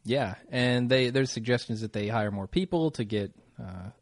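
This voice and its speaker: A man co-hosting a casual podcast, easygoing and quick to laugh as he walks through an episode recap. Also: mid-range voice. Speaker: podcast co-host.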